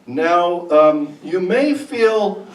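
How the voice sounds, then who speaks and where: A man's voice: sits high, lively intonation, drawn-out words, slight background noise, heavily acted. A man voicing a matter-of-fact male dentist while telling a story on stage. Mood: businesslike. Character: brisk adult male dentist. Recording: roomy live hall, distant mic, audience.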